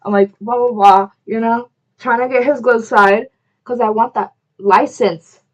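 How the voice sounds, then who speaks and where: A young woman with a slightly high voice and fairly even intonation vlogs while getting ready at home, telling a story. She rambles, fills it with "like," cuts herself off, apologizes readily, and chats to the camera in asides.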